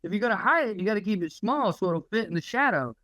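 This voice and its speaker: A man's voice: high voice, expressive, fast talker, fairly bright tone, no echo, dull audio. A man co-hosting a podcast, ranting in casual, profane chat. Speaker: podcast co-host.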